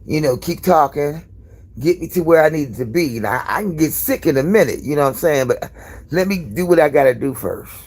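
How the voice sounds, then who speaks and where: Male live-stream host, raspy and gravelly, loose profane storytelling. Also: a little high, expressive, brisk, darkish tone. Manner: candid, profane, rambling storyteller. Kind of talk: casual live-stream chat.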